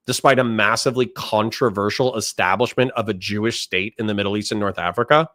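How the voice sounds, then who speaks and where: A man's voice: fairly low pitch, normal speed, fairly bright tone, no room sound, studio quality. A man hosting a livestream, reacting sarcastically with rhetorical questions and reading chat messages aloud. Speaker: streamer host.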